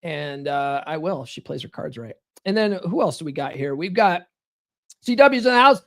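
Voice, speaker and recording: A man's voice: a little high, moderate pace. A man hosting a live podcast as a dating coach, chatting casually, reading viewer comments and swearing freely as he rambles through stories. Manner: profane, rambling, animated storytelling. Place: home studio.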